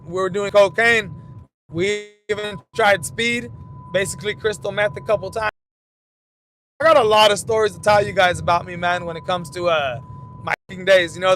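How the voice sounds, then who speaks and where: A young man hosting a fight commentary channel, telling loose, profane stories in rambling casual talk while he drives. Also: fairly bright tone. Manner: rambling storytelling, loose and profane, frequent restarts. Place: in a car while driving. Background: vehicle rumble.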